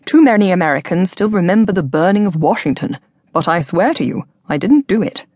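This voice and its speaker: Woman doing a wry, courtly British gentleman. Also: on the low side, animated, a little fast, no room sound. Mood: courteous. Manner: formal, courteous, dry humor.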